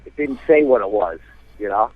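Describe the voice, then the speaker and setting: A man's voice: lowish voice, moderate pace, no echo. Jersey man telling a story over the phone. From New Jersey. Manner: animated, rambling with many fillers. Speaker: caller. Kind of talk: casual storytelling. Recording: tinny phone line.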